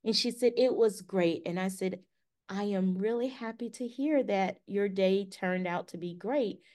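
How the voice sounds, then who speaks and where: A woman co-hosting a podcast, telling a story in a casual, animated way and acting out the dialogue. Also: mid-range voice, measured pace. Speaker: podcast co-host.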